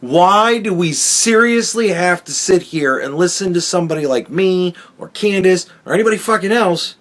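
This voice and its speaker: A man's voice: high voice, lively intonation, moderate pace. A man hosting a solo commentary podcast, ranting in a profane, sarcastic, exasperated way. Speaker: podcast host.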